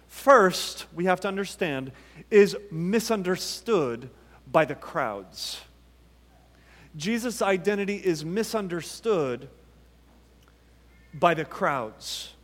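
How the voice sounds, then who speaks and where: A man preaching a sermon, emphatic and fond of repeated rhetorical questions with dramatic pauses. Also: high-pitched, lively intonation, fairly bright tone. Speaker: pastor. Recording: long reverb from a large hall.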